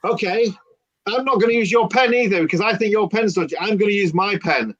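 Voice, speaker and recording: Animated man telling a story. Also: high-pitched, fairly quick, muffled recording. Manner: animated, acts out dialogue. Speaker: guest magician. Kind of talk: casual storytelling.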